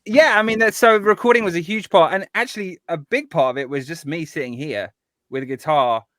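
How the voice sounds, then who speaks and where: A man's voice: fairly high pitch, brisk, fairly bright tone, no echo, clean studio sound. Eager, rambling man. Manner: eager, rambling, many restarts. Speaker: guest composer. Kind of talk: casual interview chat.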